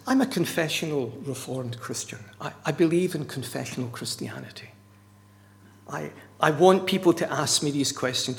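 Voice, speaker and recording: A man's voice: fairly high pitch, animated, moderate pace. A man preaching a sermon in an earnest, emphatic way, often repeating his key words. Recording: long church-hall reverb.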